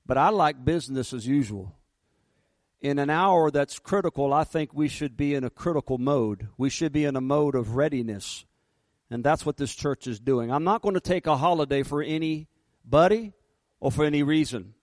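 A man preaching a fervent sermon, slowing down and rising in pitch and volume for emphasis. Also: a little mellow, no echo. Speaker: pastor.

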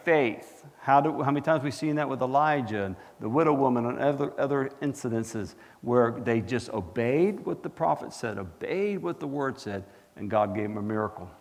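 A man preaching a sermon as pastor, animated and asking the congregation questions. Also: medium pitch, moderate pace, few pauses, big-room sound. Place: church.

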